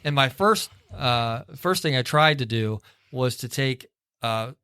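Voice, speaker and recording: Middle-aged guy rambling through a family story, normal pitch, dry close mic. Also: expressive, measured pace, pushed and bright, clear, resonant tone, dry recording. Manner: rambling storyteller acting out quoted people. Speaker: podcast co-host. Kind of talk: casual chat.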